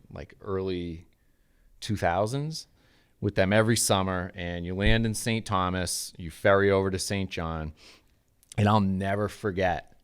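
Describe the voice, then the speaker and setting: A man's voice: deep voice, clean tone. A man in his thirties from New England, telling a casual, profane story as a podcast co-host.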